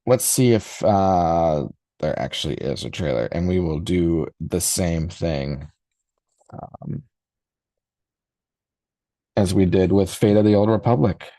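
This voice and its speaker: A low-pitched man hosts a live podcast reaction stream, chatting casually and rambling with plenty of ums as he reminisces. The recording is dry and close, with no room around the voice. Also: animated, slow, long pauses, dark tone, no room sound. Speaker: podcast host.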